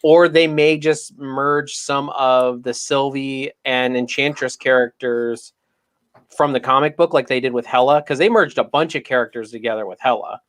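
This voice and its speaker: A man's voice: mid-range voice, steady tone, normal speed, fairly bright tone. A man casually chatting as a podcast co-host, thinking aloud with lots of hedging and fillers. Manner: thoughtful, hedging, many fillers. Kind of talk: casual chat.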